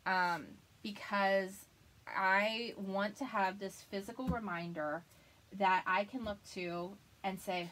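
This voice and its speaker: A woman in her thirties talks through a live crafting session in an easy, conversational way. She is chatty and animated, often breaking into laughter, with a voice of middle pitch. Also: unhurried. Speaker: crafting livestream host. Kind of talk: casual live craft chat.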